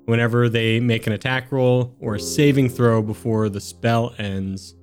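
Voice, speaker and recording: Relaxed man talking through his turn. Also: mid-range voice, measured pace, faint music behind. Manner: relaxed, explains rules step by step. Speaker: player. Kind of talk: casual tabletop game chat.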